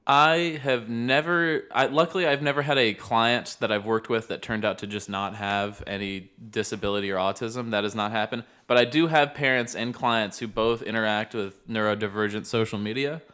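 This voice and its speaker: A man's voice: lowish voice, steady tone, moderate pace, hardly any pauses, sharp tone, clean tone. A young man, a behavioral therapist co-hosting a podcast, explaining things earnestly in casual chat and laughing easily.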